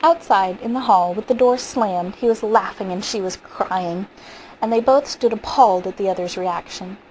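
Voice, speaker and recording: A woman reading a short story aloud in a steady, vivid narrating manner. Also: mid-range voice, moderate pace, slight background noise, rough recording. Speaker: audiobook reader.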